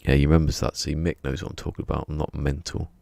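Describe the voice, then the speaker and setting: Rumbling low with vocal fry, this man talks at a quick pace in a mellow, level tone while playing on a live stream, rambling casually and muttering to himself as he tinkers.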